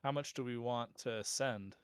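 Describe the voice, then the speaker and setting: A man's voice: medium pitch, measured pace, smooth, dry recording. A man leading a game raid over voice chat, explaining tactics step by step with many uhs and ums. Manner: instructive, with frequent uh and um. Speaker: raid leader.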